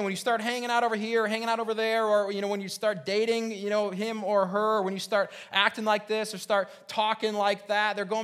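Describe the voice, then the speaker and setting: A man's voice: high voice, level tone, a little fast, hardly any pauses, fairly bright tone. A man preaching a sermon as pastor, earnest and repetitive, full of rhetorical questions and stammered restarts. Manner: frequent restarts and stammered repeats.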